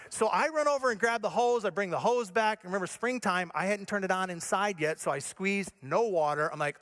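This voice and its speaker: Animated high-voiced pastor telling a story. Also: male voice, fairly quick, hardly any pauses. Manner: animated, self-mocking storyteller. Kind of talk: sermon with a comic personal story.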